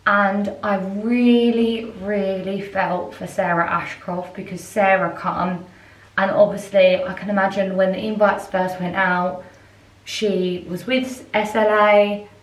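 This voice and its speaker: Chatty young woman, roomy. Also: medium pitch. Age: 20s. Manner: chatty, rambling, lots of "like". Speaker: vlogger and brand owner. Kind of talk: casual vlog chat. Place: hotel room. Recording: roomy and distant from the mic.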